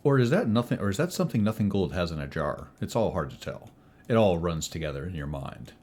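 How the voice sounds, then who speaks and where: A man narrating a tabletop role-playing game as game master, theatrical and animated. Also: deep voice, fast.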